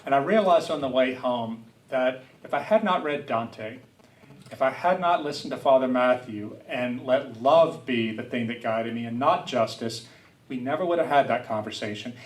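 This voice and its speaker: A mid-range male voice comes from a distance in a spacious hall: a middle-aged south Louisiana public speaker giving an earnest, reflective lecture about personal matters, now and then beginning a sentence again.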